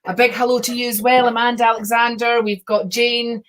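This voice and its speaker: A woman's voice: a little high, flat delivery, fairly quick, fairly bright tone. A woman hosting a casual livestream as a psychic reader, chatty, laughing often and greeting viewers by name.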